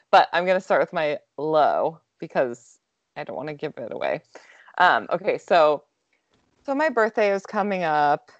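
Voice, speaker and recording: A woman's voice: deep voice, no echo, muffled recording. A young woman telling a personal story in a casual chat, chatty and full of filler words, laughing often.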